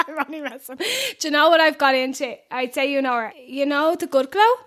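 Irish woman, young, fitness trainer guest, chatty, laughs a lot, fairly high voice. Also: animated, a bit bright. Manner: chatty, laughs often, quick asides. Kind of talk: casual chat.

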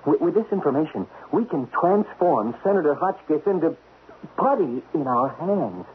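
Nervous stuttering agent played by a guy, husky, swoopy pitch, old phone-like radio. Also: lively intonation, moderate pace, slight background noise, lightly acted. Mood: flustered. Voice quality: stammering, flustered. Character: nervous male undercover agent posing as American. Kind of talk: 1970s radio drama acting. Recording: lo-fi narrow-band radio recording.

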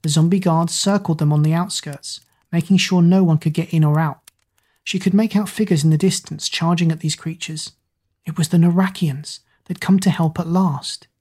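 A woman narrating a dramatic fantasy story aloud in a steady, dramatic way. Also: on the low side, normal speed, breathy edge. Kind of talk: storybook reading.

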